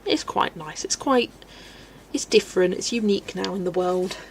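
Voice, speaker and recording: Chatty woman with a gravelly voice. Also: medium pitch, normal speed, slight background noise. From United Kingdom. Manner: chatty, rambling, laughs often, reads chat aloud. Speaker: livestream host reading chat. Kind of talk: casual chat while colouring.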